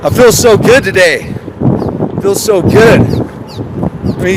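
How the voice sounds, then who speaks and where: A man talks to his live chat from a car, voice pitched high. He rambles and fires off sarcastic rhetorical questions. Wind and traffic noise run loud under him. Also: slow, long pauses. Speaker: conspiracy vlogger. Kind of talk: casual livestream chat while driving.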